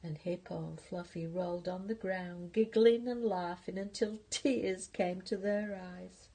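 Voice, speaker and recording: Slow, husky grandmother storyteller. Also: lowish voice, fairly even intonation. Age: older. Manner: warm, playful storytelling with whispered asides. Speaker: grandmother reading stories. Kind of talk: reading a picture book aloud.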